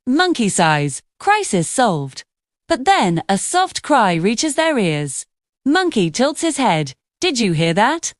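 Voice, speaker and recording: Expressive woman storyteller, lively pitch. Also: no echo, studio quality. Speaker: narrator. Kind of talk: children's story narration.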